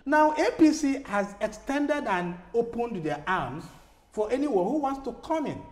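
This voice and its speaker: A man's voice: very high voice, big pitch swings, measured pace. A man from Nigeria with a Nigerian accent, a guest on a TV panel, speaking emphatically, repeating words as he searches for them and checking in with "Okay?". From Enugu, Nigeria. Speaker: studio guest. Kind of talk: TV panel discussion.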